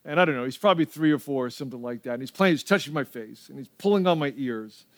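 A man's voice: mid-range voice, animated, fast talker, dry recording. A middle-aged male pastor preaching a sermon, telling stories in a conversational way and prompting the audience to respond.

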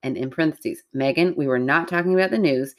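Low-voiced woman, chatty podcast co-host. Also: quick pace. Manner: chatty and playful, with frequent laughs. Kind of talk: casual chat and storytelling.

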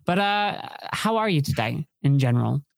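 A man's voice: on the high side, sing-song, moderate pace, gravelly, dry recording, clean studio sound. A man hosting a live-streamed podcast, rambling and giggly, often laughing at himself. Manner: giggly, self-deprecating, rambling. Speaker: podcast host.

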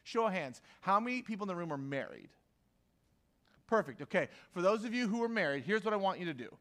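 A man's voice: high voice, very animated, quick pace, fairly bright tone. A man preaching a conversational sermon to a live congregation, repeating key lines for emphasis and acting out quoted voices. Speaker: pastor. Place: church hall with a live audience.

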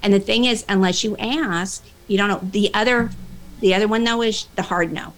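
A woman workplace trainer giving a motivational talk, animated, acting out both sides of the conversations she tells. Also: mid-range voice, normal speed, low-quality recording. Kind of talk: motivational talk with acted-out dialogue.

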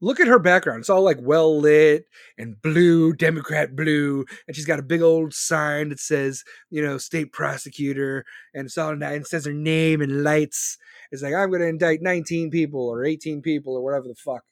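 A man's voice: fairly high pitch, fairly even intonation, moderate pace, no echo, clean studio sound. A man in his forties hosting a podcast, ranting bluntly and profanely about politics. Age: 40s. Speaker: podcast host. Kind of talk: casual political rant.

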